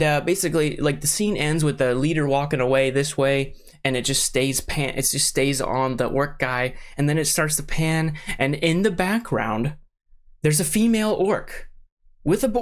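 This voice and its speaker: Rambling young man ranting to camera. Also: medium pitch. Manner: rambling with many fillers and restarts, gets worked up. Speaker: vlogger, show reviewer. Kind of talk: casual rant to camera.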